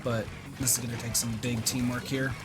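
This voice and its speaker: A young man giving live gameplay commentary, excitable and swearing as he reacts out loud, over game music. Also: mid-range voice, a little fast. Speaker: streamer.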